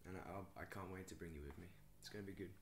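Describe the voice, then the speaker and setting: A young man unboxing gear for his vlog, gushing with excitement and often dropping to a hushed whisper. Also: low voice, rapid-fire, vocal fry, heavy background noise. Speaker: vlogger.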